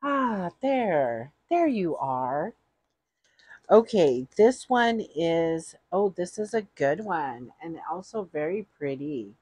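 A middle-aged woman vlogger talks through an unboxing in a chatty, gushing, rambling way. Her voice sits low and comes out husky. She takes her time, speaking at an unhurried pace. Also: big pitch swings, a little mellow, no room sound. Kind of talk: casual unboxing chat.

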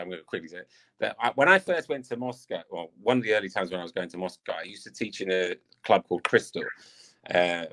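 A man's voice: fairly low pitch, fairly bright tone, slight background noise. A man from England, a dance teacher and coach, chatting casually as an interview guest, rambling with lots of "I mean".

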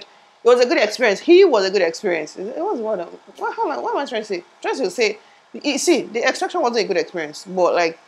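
On a rough lapel-mic recording, a young woman with a medium-pitched, slightly mellow and slightly rough voice vlogs casually. Still hurting from tooth surgery, she sounds a little muffled as she rambles chattily and laughs at herself.

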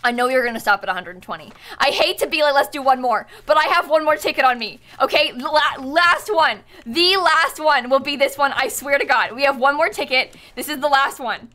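A woman live-streaming a video game, chatting with viewers in an excitable, dramatic, giggly way. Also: high-pitched, brisk, hardly any pauses. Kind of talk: live-stream chat while gaming.

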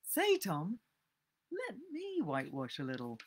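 A woman voicing a brash, teasing boy who shouts steamboat orders and mocks his friend. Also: lowish voice, huge pitch swings, unhurried, slight background noise. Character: cocky boy playing a steamboat.

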